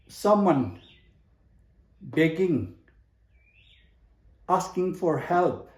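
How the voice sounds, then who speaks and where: A man with a Tibetan accent teaching a language lesson, repeating words slowly and spelling them out. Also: on the high side, a little mellow. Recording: echoey room.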